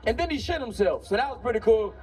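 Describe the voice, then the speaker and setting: High-voiced laughing comedian man. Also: animated, fast talker, darkish tone, breathy edge, soft background music. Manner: loose, laughing, streetwise storytelling. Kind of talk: stand-up set then casual chat.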